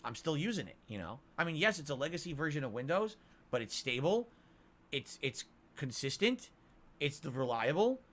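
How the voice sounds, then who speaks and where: A man's voice: fairly high pitch, very animated, normal speed, a bit bright. A male streamer complaining at length in an indignant, ranting monologue.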